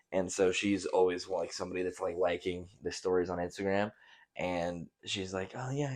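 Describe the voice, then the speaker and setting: A young man hosts a podcast in a loose, rambling monologue. His voice sits on the low side. He swears casually and leans on fillers as he talks. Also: a little mellow. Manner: laid-back, profane, rambling with many fillers. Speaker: podcast host.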